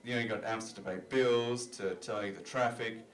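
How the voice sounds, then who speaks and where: A man's voice: lowish voice, steady tone, normal speed. A man doing a stand-up comedy set on a club stage, talking in a loose, self-deprecating way full of "you know" fillers. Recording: roomy club recording.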